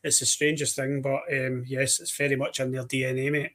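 A man with a Scottish accent co-hosting a football podcast, telling stories in a dry manner and now and then clearing his throat. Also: medium pitch, fairly quick. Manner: dry, even-toned storytelling with throat clearing. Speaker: podcast co-host. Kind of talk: casual football podcast chat.

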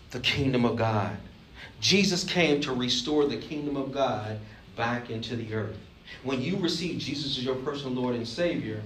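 A man's voice: mid-range voice, a little hiss or hum. A man from Alabama, preaching a sermon as pastor, emphatic and joking, asking the congregation questions. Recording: roomy, distant mic, faint ambience.

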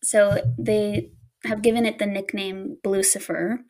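A woman's voice: medium pitch, level tone, unhurried, very noisy. A woman telling stories in casual chat, laughing often as she talks.

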